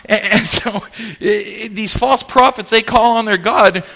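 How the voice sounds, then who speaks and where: During a sermon, a male pastor retells a story with playful humor, animated and joking. His high voice has a bright, forceful edge and some creak, and he keeps a measured pace.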